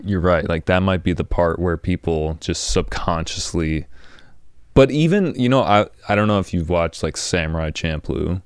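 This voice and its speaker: A man's voice: deep voice, moderate pace, clear, resonant tone, no room sound, studio quality. A man hosting a podcast, chatting in an easygoing, agreeable way with frequent restarts. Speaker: podcast host. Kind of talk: casual chat.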